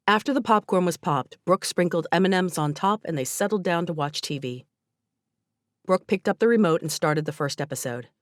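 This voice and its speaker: Audiobook narrator, woman, lowish voice, gentle even delivery, dead-dry booth. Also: fairly quick, dry recording. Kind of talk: scripted narration.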